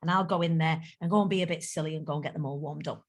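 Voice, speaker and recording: A woman running a group coaching call for event speakers, chatty, encouraging and quick to laugh at herself. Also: low voice. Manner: chatty, self-deprecating, encouraging.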